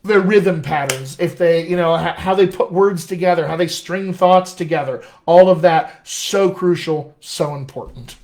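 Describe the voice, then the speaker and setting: A man who is a dialect coach giving an enthusiastic live acting lesson, talking straight to viewers and slowing down to read verse aloud. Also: on the high side, darkish tone. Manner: enthusiastic, direct, addresses viewers as friends. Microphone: webcam or laptop mic on a live stream.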